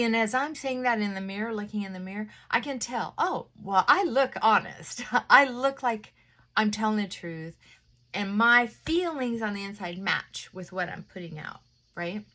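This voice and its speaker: A woman's voice: medium pitch, expressive. Reflective woman chatting through her morning routine. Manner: reflective, self-coaching, shifts between brisk and deliberately slowed speech; drops to a soft, near-whispered voice at times. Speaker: vlogger. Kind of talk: casual morning chat while doing makeup. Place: at home in front of a mirror.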